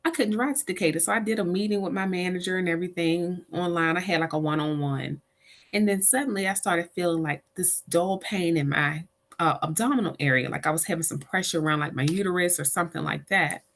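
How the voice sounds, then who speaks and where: A woman's voice: fairly low pitch, a little fast. A middle-aged woman, an interview guest telling a personal caregiving story and acting out the voices of the people in it. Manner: animated, voices the people in her stories.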